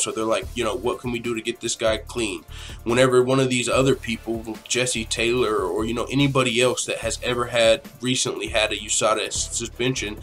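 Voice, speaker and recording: A man's voice: on the low side, a bit bright. A man in his twenties hosting a casual podcast Q&A, talking in a rambling, opinionated way and swearing freely. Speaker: podcast host.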